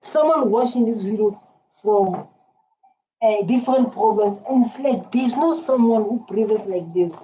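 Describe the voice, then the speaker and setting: A woman's voice: fairly high pitch, unhurried, dark tone, husky. A South African woman giving emphatic, repetitive political reaction commentary with many fillers. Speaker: reaction video host. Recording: dull lo-fi with faint noise.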